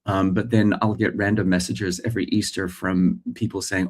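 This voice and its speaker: Man, American accent with Australian traces, lowish voice, chatty live host, lots of ums. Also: little pitch movement, moderate pace. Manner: chatty, warm laughs, many fillers. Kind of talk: live-stream chat reading comments.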